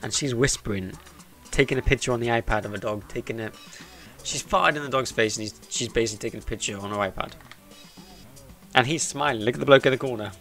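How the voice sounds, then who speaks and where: Gravelly man chatting through a game. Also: mid-range voice, fast, a bit bright, soft background music. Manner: chatty, jokey, talks to the game characters. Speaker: gaming YouTuber. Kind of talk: let's play commentary.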